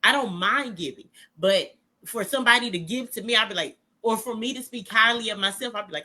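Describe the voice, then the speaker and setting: A woman's voice: a little high, brisk. A woman co-hosting a casual podcast, telling personal stories animatedly and acting out what people said. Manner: animated storytelling, acts out quotes. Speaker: podcast co-host.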